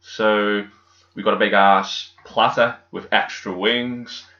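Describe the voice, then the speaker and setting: A jokey man in his thirties, co-hosting a podcast with a low but bright, bouncy voice. He sounds echoey and slightly muffled, as if recorded in a bare room. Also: fairly even intonation, takes it slowly. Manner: jokey, does silly voices. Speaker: podcast co-host. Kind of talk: casual banter.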